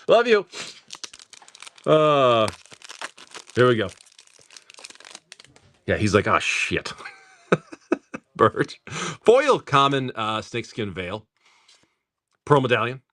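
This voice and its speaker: A middle-aged man talks casually on a live stream, cracking dad jokes and laughing often. He reads out card names as he opens packs and drops in the odd swear word. His voice sits at an everyday middle pitch. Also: big pitch swings, slow pace, pauses often, a bit bright. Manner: rattles off card names while opening packs.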